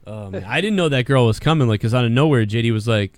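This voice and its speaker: A man's voice: medium pitch, fast talker. A man telling a rambling, crude story in casual chat, often mimicking others.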